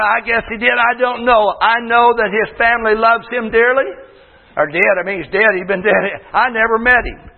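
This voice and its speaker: A man in his sixties, a pastor preaching a folksy sermon with shouted bursts and homely stories. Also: extremely high pitch. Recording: tinny phone-like sound in a long-echo hall.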